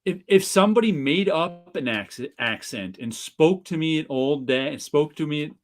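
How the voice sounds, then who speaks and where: Animated man chatting about comics. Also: a little high, unhurried. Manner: animated, joking, mock voices. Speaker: podcast host. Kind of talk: casual chat.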